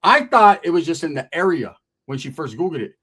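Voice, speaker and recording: A man's voice: a little high, breathy edge. A man telling a story in a casual, streetwise way, full of slang and swearing and punctuated by "right?". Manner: animated, drawn-out telling with frequent "right?". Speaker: storyteller on a podcast.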